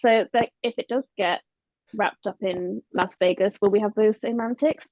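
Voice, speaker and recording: A woman's voice: medium pitch, steady tone, normal speed, no echo, muffled recording. A woman co-hosting a podcast, chatty and drifting into asides. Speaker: podcast co-host. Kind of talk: casual chat.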